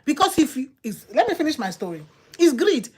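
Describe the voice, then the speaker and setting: A woman's voice: high voice, very animated, fairly quick, darkish tone. A woman with a Nigerian accent, hosting a channel and giving casual, emphatic advice that she repeats for effect. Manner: emphatic, repetitive, preachy. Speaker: channel host.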